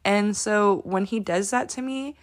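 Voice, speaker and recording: A woman's voice: medium pitch, measured pace. A woman in her thirties talking candidly to camera as she answers follower questions, emotional and sometimes close to tears, with lots of fillers. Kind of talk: casual confessional talk to camera.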